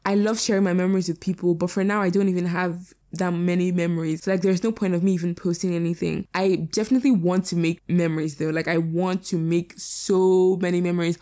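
A young woman in her late teens hosting her own podcast in a candid, casual monologue, rapid and repeating herself for emphasis. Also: on the low side, darkish tone. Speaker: podcast host.

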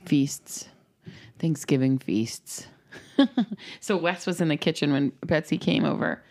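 A woman with a slightly low voice in relaxed conversation. She is chatty and self-deprecating, and she laughs easily. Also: takes it slowly. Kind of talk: casual chat.

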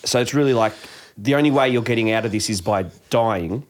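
A man's voice: medium pitch, a little fast. A man in casual film talk with a friend, swearing freely and acting out lines from the movie.

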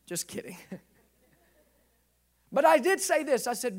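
A man in his thirties, a pastor, preaching a sermon with animated delivery and acted-out dialogue. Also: very high-pitched, normal speed, creaky, pauses often.

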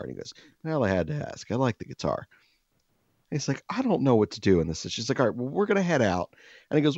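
A man's voice: medium pitch, moderate pace, creaky, pauses often, breathy edge, no room sound, dull audio. A man co-hosting a podcast, telling a long story in a casual way, acting out other people's lines and laughing often. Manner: animated storyteller who acts out quoted voices and laughs a lot. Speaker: podcast co-host.

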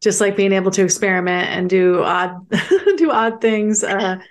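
A woman hosting a casual interview, affirming her guest with quick agreement and reactions. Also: medium pitch. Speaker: podcast host.

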